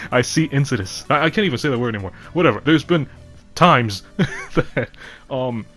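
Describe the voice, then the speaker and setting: A man's voice: mid-range voice, expressive, normal speed, a bit bright, faint music behind. Laughing, rambling man ranting casually. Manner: rambling, laughs often, swears freely. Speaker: vlogger. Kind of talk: casual rant to camera.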